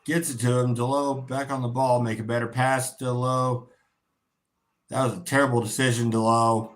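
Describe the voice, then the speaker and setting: A man's voice: medium pitch, level tone, moderate pace. A tired man hosting a casual football watch-along livestream, calling the play, swearing freely and chanting. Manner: swears freely, bursts into shouting on goals. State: tired, yawning. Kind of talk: casual live match commentary.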